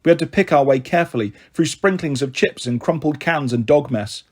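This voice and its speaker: A male storyteller reads a children's novel aloud in a steady, expressive way. His voice sits a little high for a man. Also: a little fast, husky. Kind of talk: audiobook narration.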